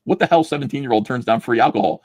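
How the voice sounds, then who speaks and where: A man's voice: medium pitch, rapid-fire, darkish tone, no room sound. A man hosting a comic book review, chatting casually with sarcastic jokes and laughter, acting out the panels as he reads. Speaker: host reviewing comic books. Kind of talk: casual review chat, reading aloud.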